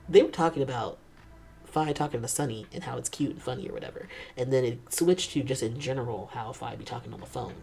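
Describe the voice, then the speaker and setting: Brief: male reaction host, gravelly voice at a mid pitch, chatty and animated. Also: fast talker. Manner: chatty, animated, reads subtitles aloud, laughs often. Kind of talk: casual reaction commentary.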